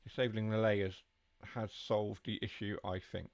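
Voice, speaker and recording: Low, dry-sounding male streamer, easygoing live commentary that drifts into replies to the chat. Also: flat delivery, measured pace, no room sound. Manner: chatty, answers chat while driving. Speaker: game streamer.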